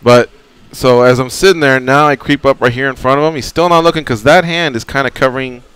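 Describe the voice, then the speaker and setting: A man who is a regular on a radio talk show, telling stories in a lively way and acting out the scenes. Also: medium pitch, quick pace, clean tone, no room sound. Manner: animated storyteller acting out scenes. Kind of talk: casual radio chat.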